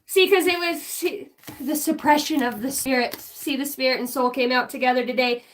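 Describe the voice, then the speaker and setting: A woman's voice: high-pitched, fairly even intonation, moderate pace. A middle-aged woman chatting casually on a live stream as a spiritual reader, goofy and laughing, swearing freely and teasing herself. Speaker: livestream host offering spiritual readings.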